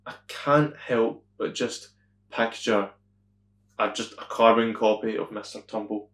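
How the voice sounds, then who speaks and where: A man's voice: fairly low pitch, measured pace, fairly bright tone, reverberant. A young man co-hosting a podcast in casual chat, chiming in with short reactions and dry quips. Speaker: podcast co-host.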